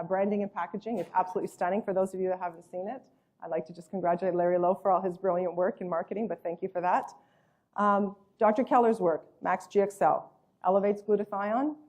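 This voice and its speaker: A woman gives an enthusiastic sales presentation about a business and its products. Her voice is mellow and warm, of middling pitch, and she stresses her superlatives with emphatic conviction. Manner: acts out quoted voices in storytelling. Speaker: network marketing presenter.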